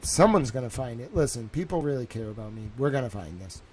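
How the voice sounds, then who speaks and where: A young man talking at home on a live stream, excitable and rambling, repeating himself and saying "bro" and "like" a lot. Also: mid-range voice, fast, slightly rough.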